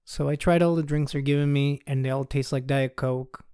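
A man's voice: mid-range voice, fairly even intonation, normal speed, dark tone, smooth, no echo, studio quality. A man hosting a podcast, telling a story in a loose, conversational way and chuckling as he goes. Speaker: podcast host. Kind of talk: casual storytelling monologue.

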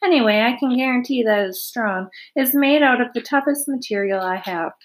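Woman voicing a tired gentle spider. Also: fairly high pitch, moderate pace, a little hiss or hum, pitched above the performer's own voice, close to an everyday voice. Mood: weary, tender. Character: gentle aging female spider, tired and wise.

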